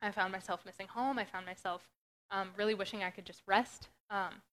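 A woman's voice: medium pitch, fairly even intonation, brisk, a bit bright. Earnest young woman sharing testimony. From Western Pennsylvania. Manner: earnest, conversational, many fillers. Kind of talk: casual testimony talk.

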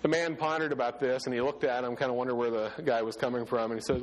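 A pastor giving a casual, conversational sermon full of restarts and fillers. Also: male voice, mid-range voice, steady tone, quick pace, hardly any pauses, in a large hall, poor audio.

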